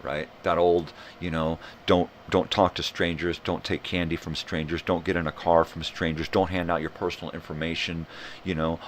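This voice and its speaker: A man hosting a live morning show, ranting in a rambling, profane, animated way. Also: sits low, slight background noise. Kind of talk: casual rant.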